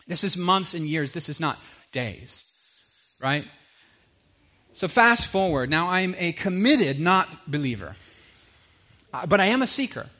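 A man giving an earnest personal testimony, animated at times and dropping low and quiet for emphasis. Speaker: speaker sharing his faith story.

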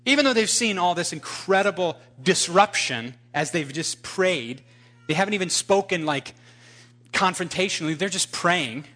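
A male pastor preaching a sermon, telling a story in an animated, emphatic way. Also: high-pitched, normal speed.

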